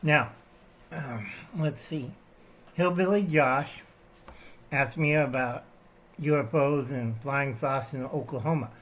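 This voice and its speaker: An older man hosts his own channel in a mid-range, slightly bright voice at a measured pace, with a bit of hiss or hum. He delivers a digressive satirical rant, often tacking "okay?" onto lines while showing items to the camera.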